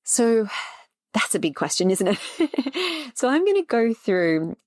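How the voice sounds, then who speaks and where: A woman who teaches fertility yoga and hosts a podcast, talking listeners through a gentle breathing and relaxation practice in a calm, slow voice. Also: a little high, no room sound, clean studio sound. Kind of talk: guided breathing and relaxation talk.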